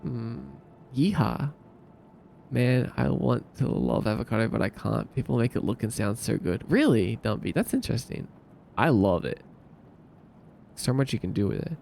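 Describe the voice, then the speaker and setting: A young man with an Australian accent hangs out on a live stream, reading comments, joking, and trying silly impressions. His medium-pitched voice is very animated, slightly mellow, and carries vocal fry at a normal speed, with a little background noise audible.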